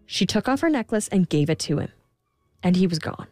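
A woman telling a fairy tale in scripted narration, expressive, giving the girl a higher voice. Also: fairly quick, dry recording, faint music behind. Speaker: storyteller.

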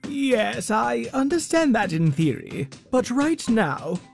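A fretful old tap-dancing wizard, as a performer puts him on, frets in an earnest voice with a lively, swooping pitch. Faint music plays beneath this comedy audio story. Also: slow pace, gravelly, full character voice. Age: older.

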